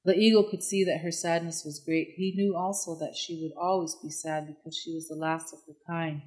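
A narrator reading a legend-like tale in a measured, solemn storybook manner. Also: medium pitch, level tone, darkish tone, poor audio.

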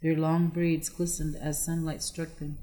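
An audiobook narrator reading a historical novel in a steady, measured way. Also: medium pitch. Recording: long echoey reverb.

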